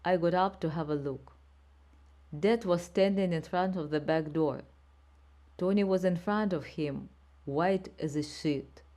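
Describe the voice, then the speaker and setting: Slow, low-voiced woman narrator. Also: dark tone. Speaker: audiobook narrator. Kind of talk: slow scripted narration for learners.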